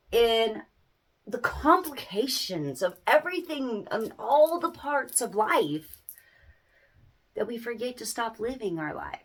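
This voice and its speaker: Earnest slow-talking woman, life-lesson vlog. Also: fairly high pitch. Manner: earnest, repeats phrases for emphasis. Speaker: parent and small business owner. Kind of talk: casual life-lesson talk to camera.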